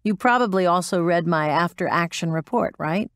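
Voicing a hardened former military pilot for an audiobook drama, a woman with a voice low for a woman plays a blunt, profane interviewee who turns defensive when pressed. She speaks naturally at a normal speed, and the close, dry recording has no echo.

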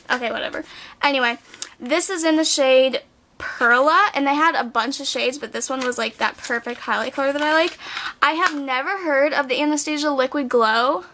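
A high-pitched young woman of nineteen talks straight into her camera about what she bought. She is bubbly and gushing, her casual chat full of "like" fillers. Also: normal speed, sharp tone, slight background noise. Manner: bubbly, chatty, says "like" a lot. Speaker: beauty vlogger. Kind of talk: casual haul video chat. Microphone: camera mic.

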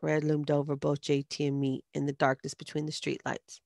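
A woman narrates a first-person story in a steady, even reading. Her voice sits low with a gravelly grain. The sound is close and dry. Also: a little fast, no room sound.

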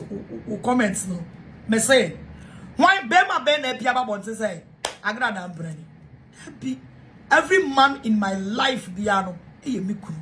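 A woman's voice: on the high side, fairly bright tone, slight background noise. Heated Ghanaian woman ranting. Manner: heated, repetitive, switches between English and Twi. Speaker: self-styled preacher. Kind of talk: angry rant to camera.

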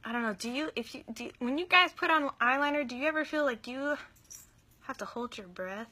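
A woman's voice: high-pitched, lively intonation, a little fast, bright, forceful tone. A young woman giving a chatty, enthusiastic live makeup tutorial, gushing over the products she uses. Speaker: makeup vlogger.

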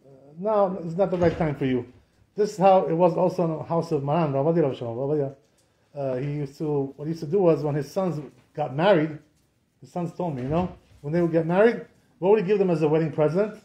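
A man's voice: fairly high pitch, fast, dark tone. A man, a rabbi, giving an informal class on Jewish law, chatty and full of rhetorical questions, with Hebrew terms mixed in. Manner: conversational, asks many rhetorical questions; mixes in Hebrew and Aramaic terms.

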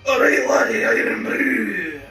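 A man's voice: very high-pitched, animated, slow pace, sharp tone, pitched above the performer's own voice, heavily acted. Man putting on a bellowing broad Scots laddie. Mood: blustering. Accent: broad Scottish. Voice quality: throat-straining, spitting. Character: loud over-the-top gruff Scottish laddie. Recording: roomy, distant mic, music behind.

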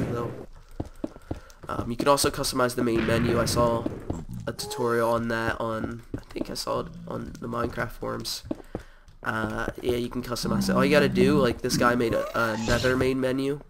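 A man's voice: medium pitch, gravelly, heavy background noise. A man with a cold and a nasal voice, rambling casually as he hosts gameplay commentary. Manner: rambling, chatty, easygoing. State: sick with a cold. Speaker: host.

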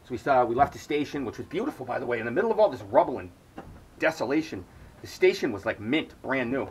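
A man's voice: mid-range voice, big pitch swings, fast, slightly rough, rough recording. A middle-aged man hosting his own podcast, telling a long, rambling story full of swearing. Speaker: podcast host. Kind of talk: storytelling monologue.

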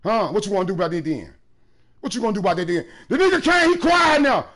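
Loud trash-talking man, high and lively. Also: quick pace. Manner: loud taunting, often bursts into shouts. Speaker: gamer streaming a basketball game. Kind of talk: trash talk during live gameplay.

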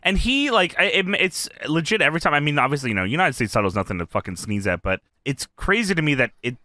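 A man's voice: a little high, big pitch swings, quick pace, bright, forceful tone, dry recording, studio quality. A man co-hosting a podcast in casual chat, laughing often and swearing freely. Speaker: podcast co-host. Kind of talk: casual chat recapping wrestling.

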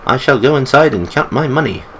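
Old British general-store keeper, sly and chirpy, slightly raised voice as a let's-player puts him on, faint keyboard taps. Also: male voice, mid-range voice, lively intonation, a little fast, fairly bright tone, a little hiss or hum, voice pushed up, lightly acted, poor audio. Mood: cheery sales pitch. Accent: put-on British. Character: old British male shopkeeper, pipe-smoking, sly.

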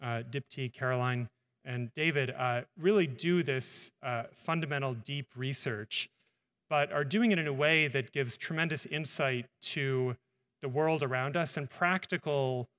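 Male professor as moderator, halting unscripted speech, mid pitch, long reverb of a lecture hall. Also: fairly bright tone. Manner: hesitant, many uh fillers, friendly.

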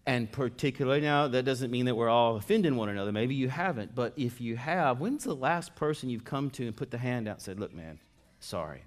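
A male pastor preaching in a chatty, conversational way. His voice sits at an ordinary middle pitch. He drops quiet for asides and then swells loud and emphatic to drive points home. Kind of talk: sermon.

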